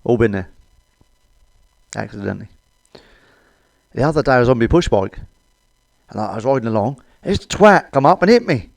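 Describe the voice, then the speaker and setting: A man's voice: medium pitch, animated, normal speed, gravelly, pauses often, no room sound. A middle-aged British man doing a crude stand-up comedy monologue, blunt and cheeky, swearing often. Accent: British English.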